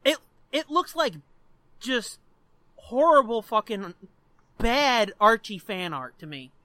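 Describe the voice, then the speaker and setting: A man's voice: very high-pitched, sing-song, slow, sharp tone, no echo. A man co-hosting a podcast who rants about a comic book in emphatic, profane casual chat. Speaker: podcast co-host.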